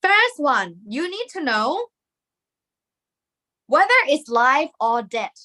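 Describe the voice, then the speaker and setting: A woman's voice: high-pitched, big pitch swings, takes it slowly, bright, forceful tone. A woman with a Thai accent teaching a live online lesson, explaining step by step and dropping Thai particles into her English.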